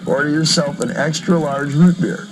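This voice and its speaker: A man's voice: fairly high pitch, normal speed, rough recording. A man in a casual interview, telling stories with jokes and frequent laughter, from a vintage interview record. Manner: joking, animated storyteller who laughs often. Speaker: rock singer being interviewed.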